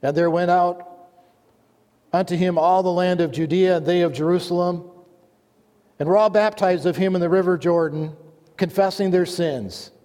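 A pastor delivering a sermon, reading scripture aloud and telling a folksy joke in an earnest manner. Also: male voice, high-pitched, normal speed, pauses often, darkish tone. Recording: long hall reverb.

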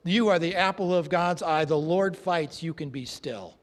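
Preacher, male, high-pitched, emphatic sermon delivery, long hall reverb. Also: normal speed. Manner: earnest, emphatic preaching with dramatic drops to a hush.

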